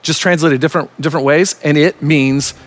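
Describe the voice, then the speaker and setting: Earnest pastor with a higher voice. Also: male voice, fairly even intonation, music in the background. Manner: emphatic, with drawn-out key words; conversational asides. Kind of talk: recorded sermon teaching.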